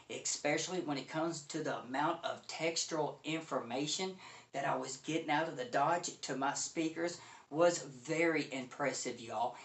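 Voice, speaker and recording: A man giving an effusive, excited review of audio gear, talking straight to his viewers and calling them "you all" again and again. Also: fairly high pitch, roomy sound. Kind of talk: enthusiastic product review.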